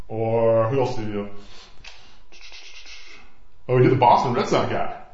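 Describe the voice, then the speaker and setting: A man's voice: mid-range voice, steady tone, measured pace, long pauses, darkish tone. Rambling man podcasting in an echoey room. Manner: loose, swearing, chuckling. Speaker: podcast host. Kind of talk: casual rambling podcast chat. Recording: echoey room, dull sound, faint guitar music.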